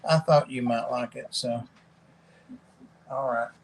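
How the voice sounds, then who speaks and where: A man from Tennessee, soft-spoken, explaining something during a casual chat. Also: mid-range voice, steady tone, takes it slowly, slight background noise.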